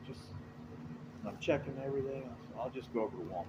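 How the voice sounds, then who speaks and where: A man's voice: mid-range voice, racing, background noise. A man, a truck driver, telling a road story in a rambling, profane, casual way. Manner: rambling, profane, animated retelling.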